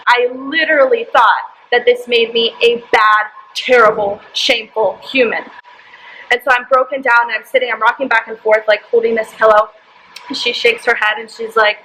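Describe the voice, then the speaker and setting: Bright-voiced young woman telling a personal story. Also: a little high, slight background noise, low-quality recording. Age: young adult. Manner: candid, emotional, frequent "like" fillers. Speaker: vlogger.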